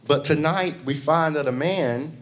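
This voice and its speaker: A man delivers an impassioned evening sermon, swinging between loud calls and soft asides as the congregation responds. His voice is a little high and unhurried, with a little hiss or hum in the recording.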